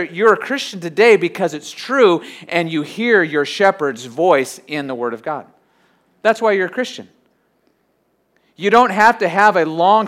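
A pastor preaching a sermon, swinging between loud emphasis and quiet, low asides. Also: male voice.

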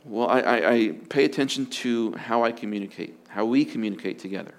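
A pastor preaches a sermon on marriage, earnest and emphatic, often repeating phrases for stress. His voice is medium-pitched and his delivery brisk.

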